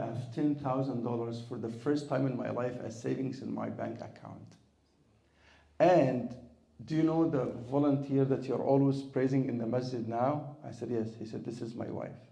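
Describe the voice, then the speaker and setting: A man's voice: medium pitch, vocal fry, warm tone, roomy sound, poor audio. A man from Egypt, an imam preaching in a storytelling style, asking rhetorical questions and chanting verses with rising force. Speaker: imam and Islamic lecturer. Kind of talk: sermon-style Q&A talk.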